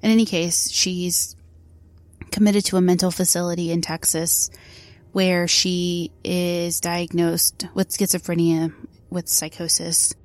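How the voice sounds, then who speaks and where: A woman narrates a true crime case in a low, fairly flat voice. Her delivery is conversational and she often drops in "you know". The sound is dry and close, with no room echo. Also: unhurried. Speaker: true crime podcast host.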